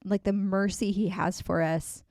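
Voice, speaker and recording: A woman speaking earnestly on a faith discussion podcast, voice sitting at a middle pitch. She talks in a relaxed, chatty way, with plenty of fillers and restarts. The sound is dry and close, with no room around it. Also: a little slow, dry recording. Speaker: podcast co-host.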